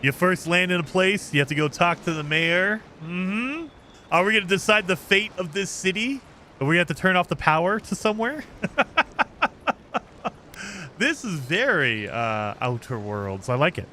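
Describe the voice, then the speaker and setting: With a high, sharp voice and lively intonation, a man streams a game and rambles casually about his impressions, laughing a lot in his chatty let's-play commentary. He talks at a moderate pace over slight background noise.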